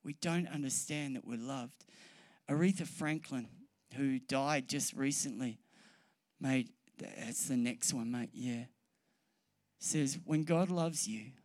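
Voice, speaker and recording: A man preaching a sermon, often restarting his sentences, then building to loud, fast, passionate appeals. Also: medium pitch, dry recording, studio quality.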